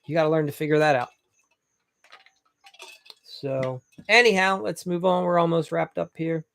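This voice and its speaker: A man's voice: fairly high pitch, moderate pace, vocal fry, a bit bright. A man coaching remodelers in a blunt, folksy monologue, acting out short back-and-forth dialogues.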